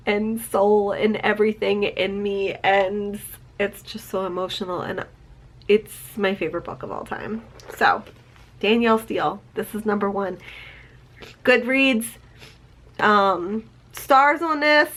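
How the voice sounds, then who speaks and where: A woman's voice: medium pitch, steady tone, measured pace. A woman in her forties reviewing a favorite novel in a casual vlog, reading from her chapter notes and gushing emotionally, with the odd swear word. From United States. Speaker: book vlogger.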